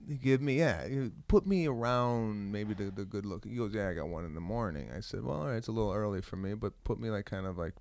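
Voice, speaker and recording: A man's voice: lowish voice, quick pace, hardly any pauses. A man with a Chicago Italian accent, a guest comedian telling self-mocking stories in casual podcast chat. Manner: animated, self-mocking anecdotes. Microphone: podcast studio mic.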